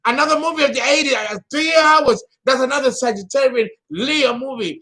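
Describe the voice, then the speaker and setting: A man talking as an astrologer in a casual vlog monologue. He is theatrical and emotional, and he swings between loud bursts and low murmurs. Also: normal speed.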